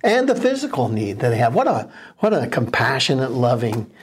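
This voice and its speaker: A man's voice: medium pitch, wildly swooping pitch, a little fast, husky. A man co-hosting a casual Bible discussion podcast, talking earnestly and with emphasis, with many ums and restarts. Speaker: podcast co-host.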